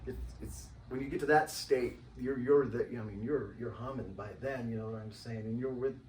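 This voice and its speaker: A man talking casually as an interview guest, rambling and animated and acting out the voices of people he quotes. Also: mid-range voice, moderate pace, slight background noise. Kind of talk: casual conversation. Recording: roomy, distant mic, faint ambience.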